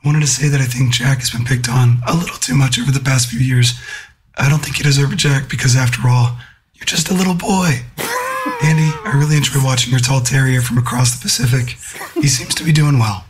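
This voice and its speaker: Hoarse male listener, lively teasing voice note, slight hiss. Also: medium pitch, a little fast. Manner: playful teasing. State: hoarse from a lost voice. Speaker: listener sending a voice message. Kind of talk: recorded voice message.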